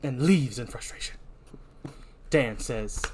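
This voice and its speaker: A man's voice: mid-range voice, expressive, normal speed, a little hiss or hum. A man hosting a podcast, recapping a horror movie in a rambling, self-deprecating way. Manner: rambling, self-deprecating, breaks into shouted line readings. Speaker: podcast host.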